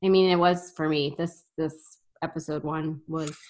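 A woman's voice: low-pitched, fairly even intonation, normal speed. Chatty, enthusiastic woman podcast co-host. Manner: chatty, enthusiastic, frequent restarts and laughs. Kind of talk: casual chat.

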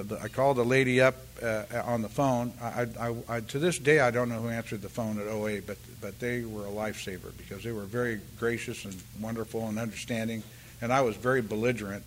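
An older man giving a halting, rambling personal share at a recovery meeting, full of restarts and "you know," and acting out the voices of the people in his story. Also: mid-range voice, a bit bright. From California, US. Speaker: speaker sharing at a recovery meeting.

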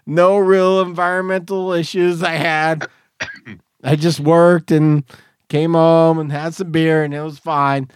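A man's voice: a little high, smooth, dry recording. A man hosting a podcast from a garage studio, rambling and laughing through tipsy banter. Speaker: podcast host. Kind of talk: casual chat.

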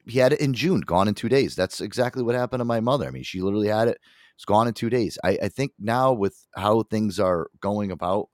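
Deep-voiced profane man. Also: no echo, studio quality. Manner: profane, animated storytelling. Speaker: podcast host. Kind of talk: casual chat.

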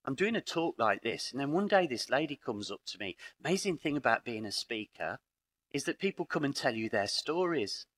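In a parish hall, a middle-aged man from Britain gives a lively conference talk, spinning dryly humorous stories and performing the dialogue. His medium-pitched British English voice is fairly bright, a little fast, and swings widely in pitch.

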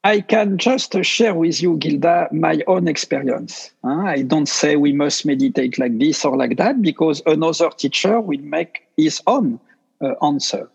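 A French-accented man speaks slowly and earnestly, his gravelly voice a little husky. He is a meditation teacher being interviewed, and the audio sounds dull and lo-fi. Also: a little high. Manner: slow, earnest, gentle speech in simple non-native English. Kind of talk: podcast interview.

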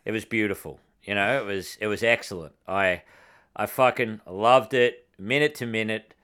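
A man's voice: lowish voice, normal speed, bright, forceful tone, clear, resonant tone. A young Australian man co-hosting a casual podcast, teasing his friend and laughing. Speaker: podcast co-host. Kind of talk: casual chat.

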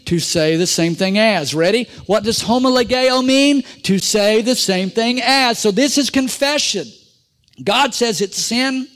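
Middle-aged preacher guy, high voice, calls for amens, gets loud then drops quiet. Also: a little slow. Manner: call-and-response preaching, swings from loud to quiet. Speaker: pastor. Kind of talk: sermon.

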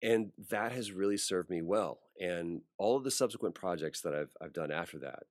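A man's voice: deep voice, moderate pace, dry recording, studio quality. A male voice actor in an interview, telling a story casually and acting out the voices of the people in it. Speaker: voice actor guest.

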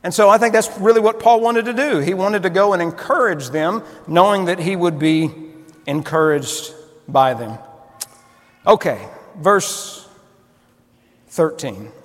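A man's voice: sits high, a little slow, big-room sound. A male pastor preaching a sermon in a conversational, storytelling manner with frequent restarts.

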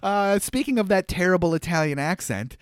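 A man's voice: high-pitched, lively intonation, a little fast, clean tone, dry recording, studio quality. A man in his thirties co-hosting a casual movie recap podcast, telling the story with fillers and frequent laughs. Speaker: podcast co-host.

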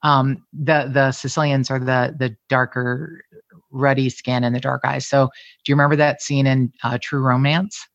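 A middle-aged woman with a bass voice, from the Cincinnati area in Ohio, speaks at a normal speed as a guest in a casual chat, telling stories candidly and animatedly and cursing freely. The recording is dry, with the highs cut off.

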